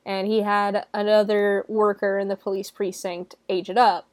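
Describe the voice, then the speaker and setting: A young woman who reviews movies casually recaps a horror film, chatty and giggly and saying "like" constantly. Her medium-pitched voice is flat at a normal speed, with no room sound.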